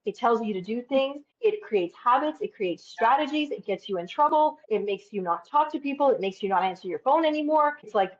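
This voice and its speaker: A woman guest in a casual interview, talking in an animated, emphatic way and swearing casually. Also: fairly high pitch, a little fast, few pauses, muffled recording.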